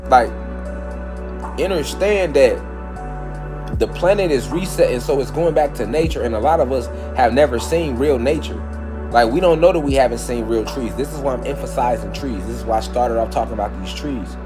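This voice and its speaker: A man's voice: medium pitch, moderate pace. Guy preaching his ideas, slangy and cussing, keeps saying "you feel me", faint music behind. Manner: emphatic and repetitive, checks in with listeners; profane, slangy street talk. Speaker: esoteric lecturer. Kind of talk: informal lecture to camera.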